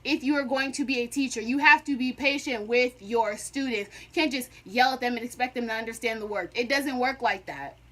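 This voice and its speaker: High, bright young woman telling a story. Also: a little fast, hardly any pauses. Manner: animated, dramatic storytelling with sassy asides. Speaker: vlogger. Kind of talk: casual storytime.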